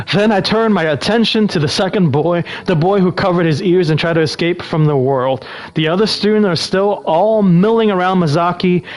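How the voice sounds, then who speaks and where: A man's voice: high-pitched, poor audio. A man streaming, reading game text aloud and breaking off to chat casually with viewers. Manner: relaxed, breaks off to answer chat.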